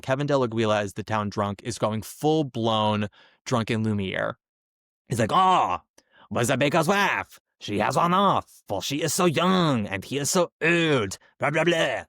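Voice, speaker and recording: A man hosting a podcast, giving a casual, animated solo review with chatty asides. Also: medium pitch, clean tone, no echo, clean studio sound. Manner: chatty and animated, slips into mocking impressions. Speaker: podcast host, theater reviewer.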